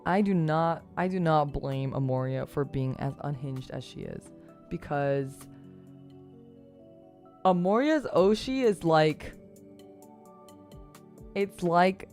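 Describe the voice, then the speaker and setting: A young adult woman streamer telling a story in casual chat, animated, laughing and swearing freely. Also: low-pitched, slow, pauses often, faint music behind.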